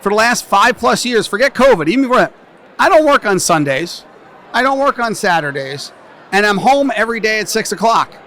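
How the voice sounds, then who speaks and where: A man's voice: high-pitched, sing-song, brisk, bright, forceful tone. A middle-aged man from New Jersey, a tax business owner, chatting in an interview as a brash, joking storyteller. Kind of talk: casual interview chat. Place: conference venue.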